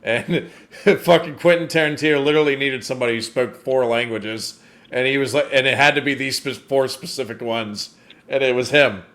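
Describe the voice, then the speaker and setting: A man's voice: mid-range voice, fairly even intonation, moderate pace, a bit bright. Man chatting loosely about films. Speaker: podcast co-host, movie reviewer. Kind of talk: casual chat.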